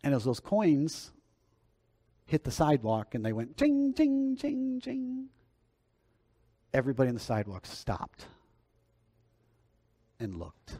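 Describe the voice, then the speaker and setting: A pastor preaching a sermon and praying, earnest, shifting between swelling phrases and quiet ones. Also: male voice, mid-range voice, very animated, unhurried, pauses often, husky. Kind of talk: sermon and prayer.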